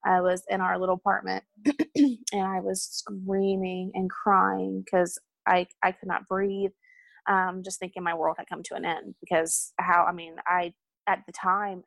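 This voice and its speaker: A woman's voice: on the low side, little pitch movement, measured pace, vocal fry, fairly bright tone, no echo. Candid young woman, dry close sound. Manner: candid, frequent ums, rambling asides. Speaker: hospital supervisor sharing a personal story. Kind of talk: casual personal storytelling.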